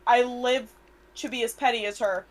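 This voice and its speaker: A woman's voice: a little high, fairly even intonation, normal speed, low-quality recording. A woman co-hosting a casual chat podcast, telling stories in a blunt, sassy way and swearing freely. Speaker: podcast co-host.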